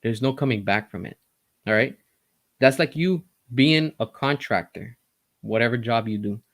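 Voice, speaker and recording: A man delivers casual, opinionated commentary at a mid-range pitch, pressing his points and addressing his viewers directly. The recording is dry and close, with no room sound around him. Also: lively intonation, moderate pace, no echo. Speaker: entertainment news commentator.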